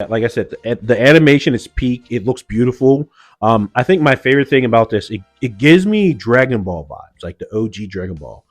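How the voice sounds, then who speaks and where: A man giving a casual, slangy recap of an anime episode, loose and full of "like" and "yo". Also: medium pitch. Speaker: anime reviewer.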